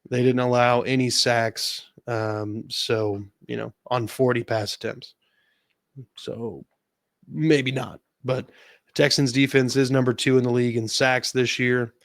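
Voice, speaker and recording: A man co-hosting a casual sports podcast, running through football injury news with a relaxed tone and easy laughs. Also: medium pitch, no room sound, studio quality. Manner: relaxed, laughs often, stats-heavy rundown. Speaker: podcast co-host.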